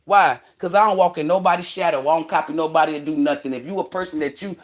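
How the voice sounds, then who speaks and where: A woman's voice: sits low, fast, hardly any pauses. Livestream host: a woman outdoors on her phone, blunt and profane, preaching at her viewers. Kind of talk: casual livestream talk. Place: outdoors among trees.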